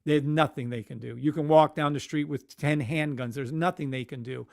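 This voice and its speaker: A man's voice: a little high, fairly even intonation, normal speed, creaky, darkish tone. A man hosting a casual live stream, ranting animatedly with swearing and muttering to himself at his computer. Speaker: livestream host.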